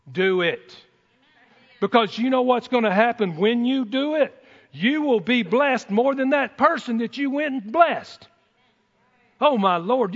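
A preacher with a high voice, giving a folksy, excitable sermon full of whoops and asides. His voice carries a long reverb from a church hall. The sound is dull and muffled.

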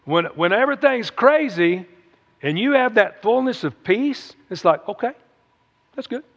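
A man's voice: sits high, animated, a little slow, gravelly, a bit bright. A man preaching a sermon in a folksy, conversational way, often calling out "amen?" to the congregation. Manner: conversational, folksy, with frequent "amen?" call-outs. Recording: echoey hall, dull lo-fi sound.

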